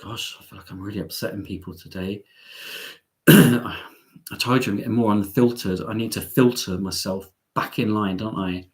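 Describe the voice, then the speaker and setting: A young man from England hosting a live stream. He reads out viewer comments and answers them in a chatty, playful way, often jumping up high in pitch. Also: moderate pace. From Devon, England. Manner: lively and playful, with big jumps up in pitch.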